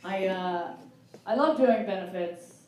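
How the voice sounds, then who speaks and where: A woman in her forties doing a self-mocking stand-up set on a live stage, chatty and quick to laugh. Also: mid-range voice, a little mellow, slight background noise. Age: 40s. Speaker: stand-up comedian. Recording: roomy live hall from far off.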